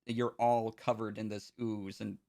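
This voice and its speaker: A man narrating a tabletop game as game master, relaxed and chuckling, with loose fillers. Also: on the low side, a little slow, gravelly.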